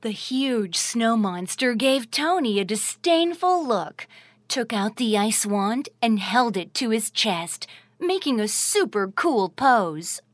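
A woman narrates a children's audio story in a sing-song, expressive manner. Her voice sits high and moves in lively, wide swings of pitch, and she paces her words slowly and deliberately, recorded dry and close. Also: no room sound.

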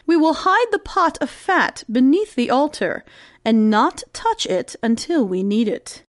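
A woman voicing a greedy, sly cat in a read-aloud storybook, speaking coolly and smoothly. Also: expressive, unhurried, no echo, studio quality. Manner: low, cool and smooth-talking. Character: greedy, sly she-cat, cool and scheming.

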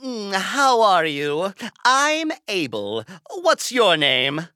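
A woman voicing a gentle, friendly male palace butler in a cartoon, with a soft manner. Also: mid-range voice, sing-song, drawn-out words, dry recording, clean studio sound, full character voice. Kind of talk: cartoon voice acting.

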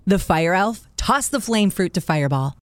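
Expressive woman narrating a children's story. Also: fairly low pitch, moderate pace, no room sound, studio quality. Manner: expressive, playing sound words.

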